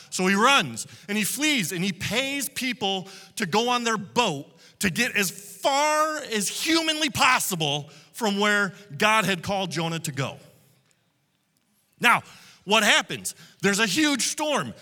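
Animated, bright-voiced pastor preaching. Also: male voice, high voice, in a large hall. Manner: animated storytelling, acting out quotes. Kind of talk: sermon. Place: church hall with multiple locations.

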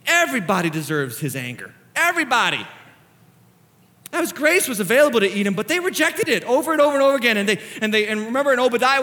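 A man preaching a sermon as pastor, passionate, swinging between hushed reflection and near-shouting. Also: very high-pitched.

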